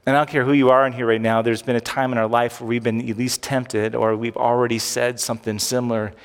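A man's voice: mid-range voice, level tone, quick pace, hardly any pauses, clean tone. A man preaching a sermon as a pastor, talking in an earnest, conversational way and asking the congregation many rhetorical questions. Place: church sanctuary. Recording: long reverb of a large hall.

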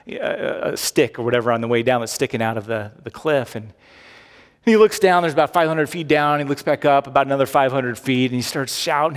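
A middle-aged man preaching a sermon as pastor, in a chatty way with repeated phrases and frequent "right?" asides. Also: medium pitch. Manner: conversational preaching with tag questions and repeated phrases. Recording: long hall reverb.

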